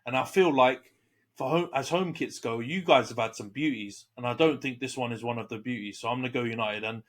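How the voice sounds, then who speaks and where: A man's voice: medium pitch, fairly quick. A young man co-hosting a casual football podcast, often stumbling over repeated words. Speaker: podcast co-host, Man Utd fan. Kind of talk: casual banter about football.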